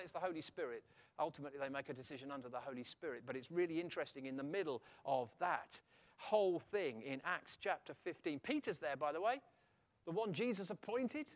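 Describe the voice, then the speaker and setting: A middle-aged man preaching a sermon in an animated way, throwing rhetorical questions back at his listeners. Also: high-pitched.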